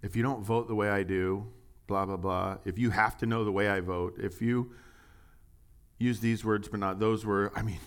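A man preaching a relaxed, conversational sermon in a slightly low voice. He jokes, muses aloud and fires questions at the congregation. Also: moderate pace, smooth. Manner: chatty and jokey, asks the audience questions. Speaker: pastor. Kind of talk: casual sermon and Bible study.

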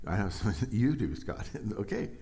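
Joking, animated male preacher. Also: on the low side, a little slow, gravelly. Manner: animated and joking, reads scripture aloud with rising emphasis. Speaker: pastor. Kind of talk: sermon.

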